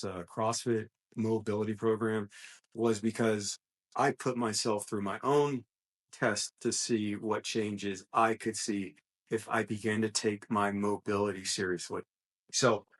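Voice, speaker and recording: A man co-hosting a gym podcast, talking in an earnest, motivational way and often restarting his sentences as he thinks aloud. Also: on the low side. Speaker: gym coach and podcast co-host. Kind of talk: casual podcast chat.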